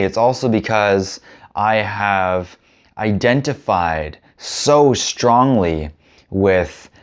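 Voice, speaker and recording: A man hosting a self-help video, giving an earnest, musing talk and telling stories in a casual way. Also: fairly low pitch. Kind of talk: reflective spoken talk with storytelling.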